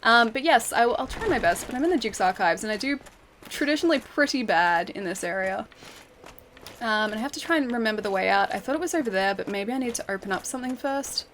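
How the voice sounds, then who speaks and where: A woman's voice: fairly high pitch, animated, quick pace, fairly bright tone, slight background noise. A young woman chatting casually with her viewers while streaming a game, rambling with fillers. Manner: chatty, rambling, answers chat with fillers and laughs. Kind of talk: casual gaming stream chat.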